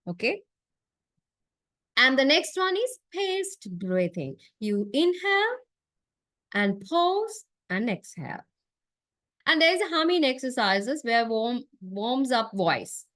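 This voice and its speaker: Lively woman lecturing a class. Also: on the high side, no room sound. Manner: explanatory, checks in with "okay?" and "right?". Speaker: university lecturer.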